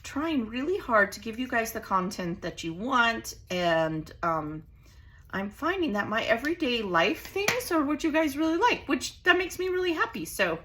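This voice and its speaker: A woman's voice: fairly high pitch, big pitch swings, moderate pace, bright, forceful tone, a little hiss or hum. A woman hosting a casual craft tutorial, chatty and bubbly as she works at her home craft table. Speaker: crafting channel host.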